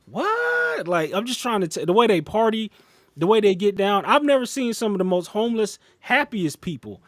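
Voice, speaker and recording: Animated storytelling man, dry close mic. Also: brisk, no echo. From United States. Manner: animated, acts out quotes with big pitch jumps. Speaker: podcast co-host. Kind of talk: casual storytelling chat.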